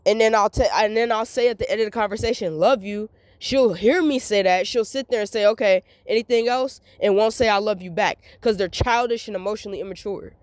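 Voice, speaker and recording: A woman's voice: mid-range voice, fast, hardly any pauses, no echo. Young woman vlogger, candid venting monologue, emphatic and repetitive, dry close sound. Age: young adult.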